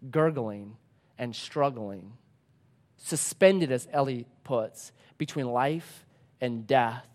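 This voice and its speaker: A man, a pastor, preaching a sermon with dramatic storytelling that swings from loud to hushed, sometimes acting out playful voices. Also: mid-range voice. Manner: acts out playful voices for talking objects.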